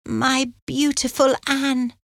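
A woman voicing a frail older mother on her sickbed, speaking faintly, slowly and weakly. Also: high voice, flat delivery, no room sound, studio quality, voice pushed up. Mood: tearful joy. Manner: faint, slow, weak speech. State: weak from illness.

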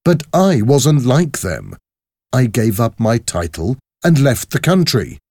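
A man's voice: mid-range voice, wildly swooping pitch, slow pace, a little mellow, breathy edge, no echo, clean studio sound, pitched above the performer's own voice, full character voice. A man doing a frightened young aristocrat prisoner. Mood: pleading. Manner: anxious, protesting.

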